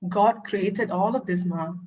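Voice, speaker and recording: A woman's voice: medium pitch, measured pace, darkish tone, far from the mic, voice pushed down, natural voice. A woman voicing a father giving short, tired answers to his child. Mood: weary. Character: patient father who grows annoyed.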